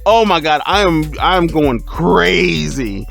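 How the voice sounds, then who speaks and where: A man with a fairly high, lively voice tells a storytime for his stream, bouncing up and down in pitch as he laughs and exclaims. Faint music plays behind him. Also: takes it slowly, gravelly. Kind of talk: storytime vlog.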